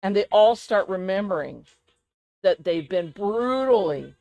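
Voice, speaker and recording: Woman cohost rambling on a podcast, chatty and animated, laughs a lot, mid pitch voice. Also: a little slow, rough recording. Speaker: podcast co-host. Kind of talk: casual chat.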